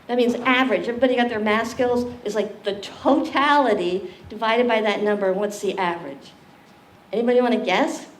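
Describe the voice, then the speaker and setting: A woman's voice: fairly high pitch, a little fast. A woman leading an interactive community library lecture, joking with the audience and quizzing them. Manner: animated, jokey, questions the audience. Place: library meeting room. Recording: echoey room, distant mic, faint hiss.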